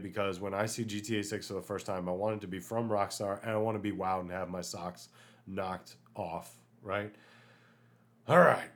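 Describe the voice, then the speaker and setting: A man hosting a solo podcast, chatting casually and ranting in an animated way, with many fillers, while getting over an illness. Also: fairly low pitch. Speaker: podcast host.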